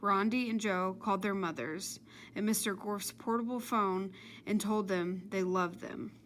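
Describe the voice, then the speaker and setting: A woman narrating a children's audiobook in an even, measured way. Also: mid-range voice, a little hiss or hum.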